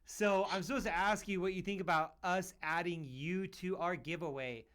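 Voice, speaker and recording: A man's voice: high-pitched, moderate pace, fairly bright tone, smooth. A man from Utah hosting a podcast, chatting casually in an upbeat, joking way, full of "man" and "dude". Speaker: podcast host.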